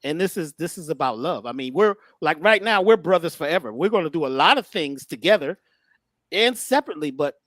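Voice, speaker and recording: Lively-pitched man speaking inspirationally. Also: no room sound, studio quality. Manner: halting starts, preacherly wordplay. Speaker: guest speaker. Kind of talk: inspirational talk.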